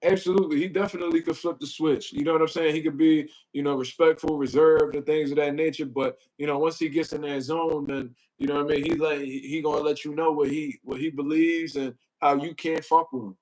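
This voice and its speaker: A man's voice: on the high side, little pitch movement, brisk, few pauses, a little mellow, rough recording. A man hosting a casual boxing livestream, rambling in profane slang, filling gaps with "you know what I mean" and greeting chat viewers. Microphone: desk mic he moves closer.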